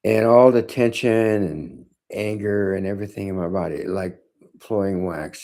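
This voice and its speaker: A man in his seventies, a martial arts teacher, giving a slow, thoughtful monologue to camera with frequent pauses. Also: deep voice, vocal fry, darkish tone. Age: 70s. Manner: slow, thoughtful, pausing often.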